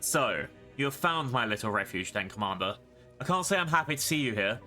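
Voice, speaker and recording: A man's voice: mid-range voice, very animated, brisk, pushed and bright, soft background music. A man voicing a scheming female cult priestess who mocks and taunts her enemies. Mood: threatening. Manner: mocking, taunting.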